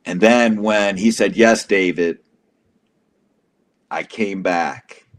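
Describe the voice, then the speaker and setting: Slow, deep-voiced man telling his story. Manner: casual, profane, dramatic retelling with acted quotes. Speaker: interview guest. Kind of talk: emotional personal testimony.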